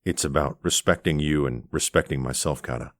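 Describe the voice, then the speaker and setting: A man voicing an earnest young man, speaking low and restrained in a romance audiobook. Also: fairly quick, no room sound, clean studio sound. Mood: tender. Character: tender earnest young man, gentle suitor.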